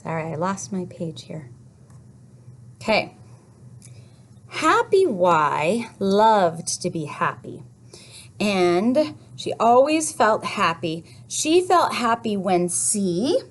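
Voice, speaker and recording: A woman teaching a children's phonics lesson, telling a little story slowly and playfully with sound effects. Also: medium pitch, very animated, a little hiss or hum.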